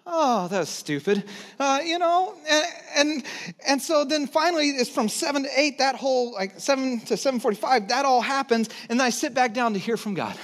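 A man's voice: very high voice, lively intonation, normal speed, fairly bright tone. A man preaching a sermon as pastor to his church, telling a candid, self-deprecating story full of fillers and restarts.

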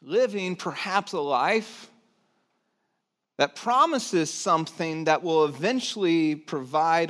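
High-voiced male pastor preaching softly. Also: animated. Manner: conversational, pausing often, drops low and soft at phrase ends. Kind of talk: sermon. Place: church sanctuary.

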